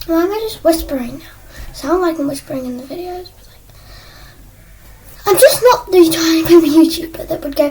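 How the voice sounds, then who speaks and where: High-voiced girl rambling while crafting. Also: normal speed, pauses often, a little mellow, slight background noise, low-quality recording. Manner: rambling, self-mocking, drifts into whispers. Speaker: crafting vlogger. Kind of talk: casual crafting vlog. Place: indoors at a desk. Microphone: iPad propped on a stool.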